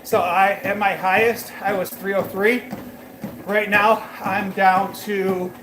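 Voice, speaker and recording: A high-pitched man chats with viewers while he walks on a treadmill at home, rambling and loose with plenty of fillers. His voice bounces around an echoey room. Steady noise hums behind him. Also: slow pace. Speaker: fitness livestreamer. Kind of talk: casual chat while working out, talking to viewers.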